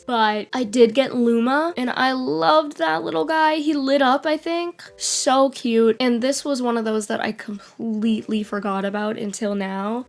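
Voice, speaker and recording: A woman's voice: a little high, vocal fry. Giggly, rambling young woman vlogger. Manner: giggly, rambling, swears casually. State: sick. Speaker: toy nostalgia vlogger. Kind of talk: casual vlog chat.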